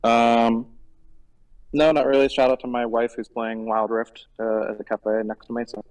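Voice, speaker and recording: A man's voice: medium pitch, little pitch movement, normal speed, a little mellow, far from the mic, rough recording. A man calling in to a show, chatting casually and briefly. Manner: casual, brief, laughs easily. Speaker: caller.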